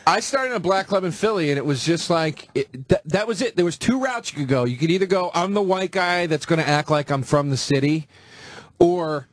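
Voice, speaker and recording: A man, a stand-up comedian, telling excited, profane anecdotes in a casual radio chat. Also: on the high side, brisk.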